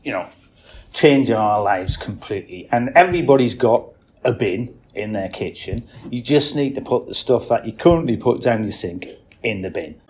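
A man's voice: mid-range voice, lively intonation, moderate pace, darkish tone, slight background noise. A man speaking as a guest expert on a podcast, blunt and punchy with a joking edge. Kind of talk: casual interview.

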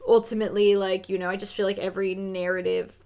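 A woman's voice: mid-range voice, little pitch movement, quick pace, warm tone. A woman co-hosting a podcast, chatting casually and frankly about a film, with lots of filler words and the odd swear. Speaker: podcast co-host. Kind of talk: casual film review chat.

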